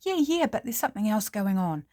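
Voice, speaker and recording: A woman's voice: mid-range voice, big pitch swings, fairly quick, warm tone, close to an everyday voice. A woman voicing a flustered woman birdwatcher, exclaiming in alarm. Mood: urgent. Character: panicky middle-aged woman birdwatcher.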